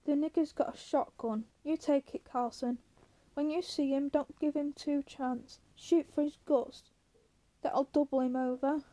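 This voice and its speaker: A woman's voice: high-pitched, fairly even intonation, measured pace, mellow. A woman reading the lines of a hot-headed young ranch man, barking angry threats in a storybook reading.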